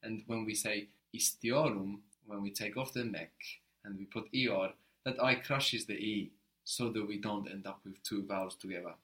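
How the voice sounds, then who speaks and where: Giving a one-on-one language lesson, a man explains things patiently and keeps checking in with quick questions. His lowish voice sounds pushed and bright.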